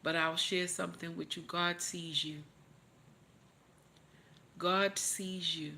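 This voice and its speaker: A woman's voice: on the low side, fairly even intonation, takes it slowly, gravelly, pushed and bright, a little hiss or hum. A woman hosting a livestream, tearful, giving emotional motivational talk and repeating her encouragements over and over in a preachy way. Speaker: livestream host.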